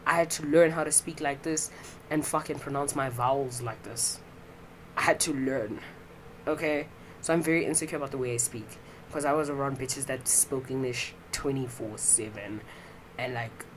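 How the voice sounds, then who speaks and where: Young woman, low-pitched, casual podcast monologue, profane, rambling with fillers. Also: a little hiss or hum, poor audio. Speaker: podcast host.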